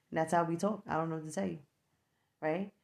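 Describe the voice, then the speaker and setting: A woman's voice: sits low, gravelly, a little mellow. A middle-aged woman with a New York accent, chatting frankly to camera about her life, often tagging lines with "right?" and laughing between thoughts. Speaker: vlogger and mother. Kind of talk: casual reflective talk to camera.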